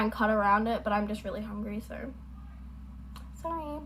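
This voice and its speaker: A woman's voice: mid-range voice, normal speed, a bit bright, a little hiss or hum, low-quality recording. A young woman hosting a reaction video at home, chatting casually in a rambling, apologetic way. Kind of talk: casual chat. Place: at home, indoors.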